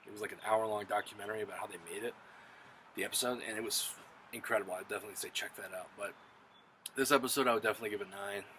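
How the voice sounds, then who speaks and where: A man casually reviewing a TV episode, retelling the plot in an excited, profane, rambling way. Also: lowish voice, very fast, slight background noise, low-quality recording. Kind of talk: casual spoken recap and review.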